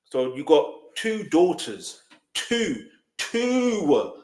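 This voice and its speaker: A man's voice: fairly high pitch, very animated, drawn-out words, a little mellow. A man hosting a reaction video, commenting emphatically and repeating his points to viewers. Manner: emphatic, repeats himself, speaks straight to viewers. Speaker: reaction host. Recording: roomy echo.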